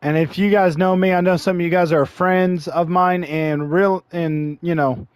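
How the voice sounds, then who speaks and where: A man commentating his own football video game, frustrated and grumbling as he plays, and his voice is starting to go hoarse. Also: high voice, steady tone, normal speed, no room sound. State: losing his voice. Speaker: gaming channel host. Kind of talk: live gameplay commentary.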